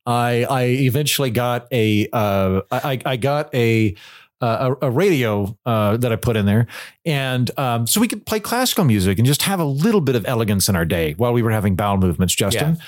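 A man telling stories in a casual chat as a podcast guest, animated and acting out other people's lines. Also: medium pitch, fairly quick.

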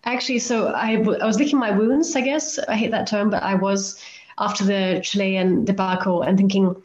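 A guest author and volcano climber tells travel anecdotes on a podcast interview in a mid-range, darkish voice at normal speed. She is chatty and self-deprecating and acts out the lines people said to her, heard through roomy, slightly dull remote audio.

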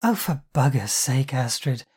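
A brash, foul-mouthed sister bosses and teases in a raised, mellow voice, as the audiobook narrator puts her on. She booms and insists rather than asks. The reading stays warm rather than sharp. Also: sing-song, brisk, husky, full character voice. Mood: bossy. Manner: loud, bossy and swearing.

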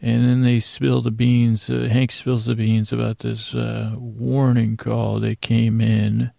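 A man's voice: medium pitch, monotone, slow, creaky, warm tone, no room sound, studio quality. A man hosting a podcast, loosely recapping a TV episode from his handwritten notes, often correcting himself. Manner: loose, meandering, self-correcting. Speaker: podcast host.

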